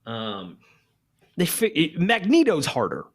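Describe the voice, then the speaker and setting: In a dry, studio-quality recording, a man with a slightly high, husky voice speaks slowly while co-hosting a podcast. He recaps a TV episode in casual chat, lively and jokey, laughing often and hiccuping.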